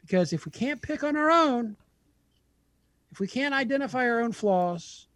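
A man's voice: extremely high pitch, lively intonation, moderate pace, a bit bright, no echo. A man co-hosting a podcast in casual, blunt, teasing chat with profanity. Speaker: podcast co-host.

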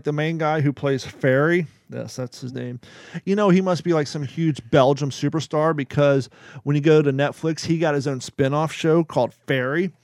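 A man's voice: fairly high pitch, a little mellow, dry recording, studio quality. A man hosting a podcast, chatting casually with rambling asides, fillers and jokes. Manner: rambling, joking, many fillers. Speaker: podcast host. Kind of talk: casual chat.

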